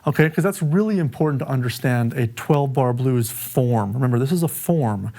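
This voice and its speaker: A man giving a casual music lesson, explaining song form in a relaxed, conversational way and counting bars aloud. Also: medium pitch, brisk, few pauses. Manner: counts bars aloud over a playing track. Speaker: music teacher. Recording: music playing behind the voice.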